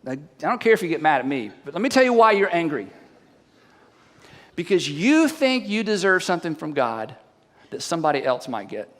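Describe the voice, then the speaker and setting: A man's voice: on the high side, very animated, a little fast, a bit bright. A man preaching a sermon as a pastor, telling the story animatedly and firing rhetorical questions at the audience. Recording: long hall reverb.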